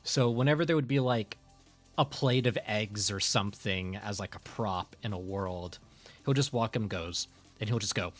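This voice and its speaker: A male streamer chats loosely while he draws, rambling along with plenty of fillers and frequent laughter. His voice sits on the lower side. Soft music plays faintly in the background. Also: normal speed. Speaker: streamer and artist. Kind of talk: casual chat while drawing on stream.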